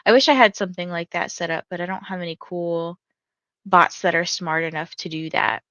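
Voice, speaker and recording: A woman's voice: fairly low pitch, fairly even intonation, a little fast, fairly bright tone, no echo, highs cut off. A woman hosting a reading livestream, chatting casually and rambling with lots of "like", a little tired, and reading viewer comments aloud. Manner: chatty and rambling, heavy use of "like". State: tired and yawning. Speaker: readathon livestream host.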